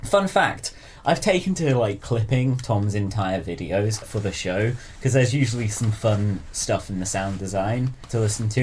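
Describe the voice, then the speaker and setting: A man's voice: lowish voice, a little mellow, slight background noise. Giggly man in casual chat. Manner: giggly, rambling, jokey. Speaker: podcast host. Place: living room at home.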